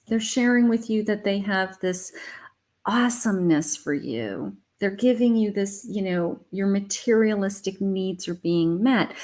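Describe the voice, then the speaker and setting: A middle-aged woman gives a live tarot reading, unhurried and deliberate. She sounds emotional and uplifting and repeats her affirmations. Her pitch sits at an ordinary middle height. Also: dark tone. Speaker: psychic tarot reader. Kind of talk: live spiritual reading to viewers.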